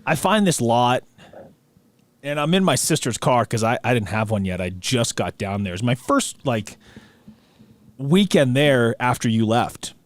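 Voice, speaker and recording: A man hosting a podcast, telling a story in a relaxed, slangy way full of dude and bro. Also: medium pitch, a little slow, dry recording. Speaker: podcast host. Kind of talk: casual storytelling chat.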